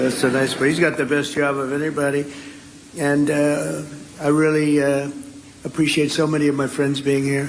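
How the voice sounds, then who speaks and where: A man's voice: on the high side, slight background noise. A man giving an off-the-cuff speech at a luncheon, rambling with ad-libs and asides between prepared lines, into a podium microphone. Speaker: speaker at a luncheon. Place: indoor luncheon event.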